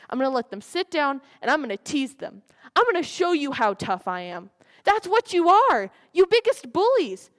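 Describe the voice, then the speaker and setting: A woman delivers a dramatic recited speech with real passion, pushing some lines out with force and dropping others to a hush. Her voice sits a little high for a woman. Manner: impassioned, swinging between forceful and hushed. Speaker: student speaker at a school program.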